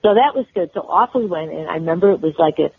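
A woman's voice: on the low side, lively intonation, a little hiss or hum. Older woman telling stories over a phone line. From Chicago, USA. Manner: warm storyteller, halting restarts. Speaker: guest. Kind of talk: storytelling interview. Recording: tinny phone-line audio.

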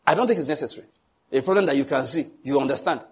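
A man's voice: medium pitch, animated, rapid-fire, husky. A man preaching a sermon emphatically and asking the congregation questions. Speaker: pastor.

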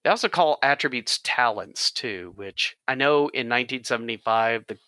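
A man's voice: mid-range voice, normal speed, pushed and bright, clear, resonant tone, no room sound. A man hosting a podcast about tabletop games, chatting casually and jokily while he explains the rules. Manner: jokey, explains game rules at length. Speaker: podcast host.

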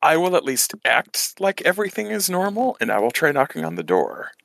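Gravelly, bright-voiced male player. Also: on the high side, wildly swooping pitch, brisk, no echo. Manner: hesitant, in-character formal. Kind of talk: tabletop role-play.

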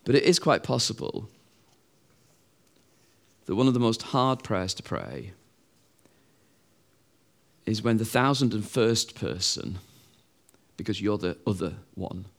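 A man's voice: on the low side, lively intonation, slow, vocal fry, long pauses. A middle-aged man preaching a sermon in a conversational way, acting out the voices of other people.

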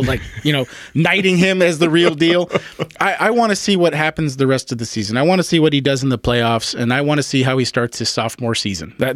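A man in his forties co-hosting a casual sports podcast, measured and hedging, stammering on restarts. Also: fairly high pitch, dry recording, studio quality. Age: 40s. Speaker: podcast co-host.

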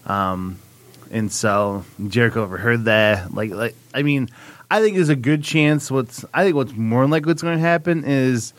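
Dude talking through his guesses on a podcast, dry mic, normal pitch. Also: moderate pace, no room sound. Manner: speculative, talks things through at length. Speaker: podcast co-host. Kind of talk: casual chat.

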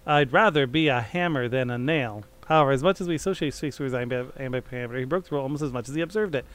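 A man's voice: mid-range voice, racing, fairly bright tone. A man co-hosting a podcast who chats casually and reads old-style verse aloud with theatrical flair. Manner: theatrical when reading aloud, chatty otherwise. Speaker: podcast co-host. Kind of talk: casual chat with dramatic verse reading. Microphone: studio microphone.

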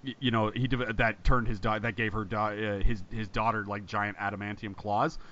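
A man co-hosting a podcast, talking fast and rambling, often swearing and laughing. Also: on the low side, little pitch movement, fairly bright tone, dull audio. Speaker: podcast co-host. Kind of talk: casual chat.

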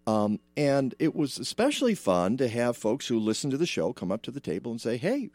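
A man's voice: medium pitch, very animated, brisk, darkish tone, dry recording. A man hosting a radio show from a studio, chatting casually and rambling, with plenty of filler.

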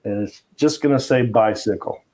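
A middle-aged man with a warm, mid-range voice speaks at a moderate pace, with a little hiss or hum in the audio. He's a comedian guest telling stories in a casual interview, rambling and anecdotal, full of fillers and restarts.

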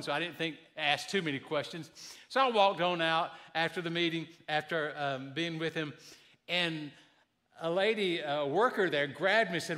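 A man's voice: on the high side, moderate pace, sharp tone. A man in his fifties preaching a sermon, telling folksy, joking stories as the pastor.

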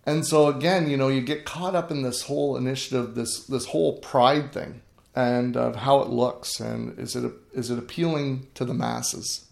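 Gravelly middle-aged farmer, echoey room. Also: male voice, mid-range voice, fairly even intonation, moderate pace, darkish tone. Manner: earnest, emphatic, many restarts. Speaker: grain farmer guest. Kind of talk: storytelling interview talk.

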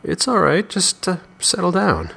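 A man reading an anxious, gentle young man who tries to soothe his friend. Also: high-pitched, huge pitch swings, unhurried, gravelly, breathy edge, pitched above the performer's own voice, exaggerated voice. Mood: nervous. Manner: soothing, worried.

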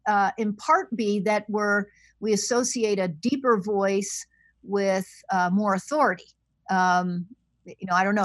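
A soft-spoken woman talks as a guest on a podcast over a remote call line. She speaks thoughtfully, pausing with fillers as she goes. The sound is dry and close, at a middle pitch. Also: no room sound. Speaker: guest scholar. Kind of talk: podcast interview over the phone.

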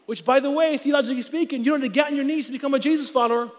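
A pastor in his thirties preaches from a church stage, his voice sitting high for a man and bouncing with animated, joking energy. He slips into quick acted-out voices as he tells his story. The sound rings out with the long reverb of a big hall. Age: 30s. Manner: animated, humorous, acts out voices. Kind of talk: storytelling sermon.

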